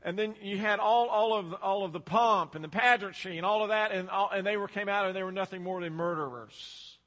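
A man's voice: high-pitched, fairly quick, a bit bright. A man preaching a sermon, talking emphatically and repeating himself for effect. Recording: long hall reverb.

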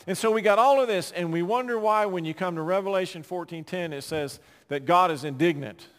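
A man pastor delivers a sermon in a voice a little higher than most men's. He builds to loud, emphatic declarations, then drops to hushed, conversational storytelling. The sound rings out with the long reverb of a large hall. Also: brisk. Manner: preaching with swings from loud emphasis to quiet asides.

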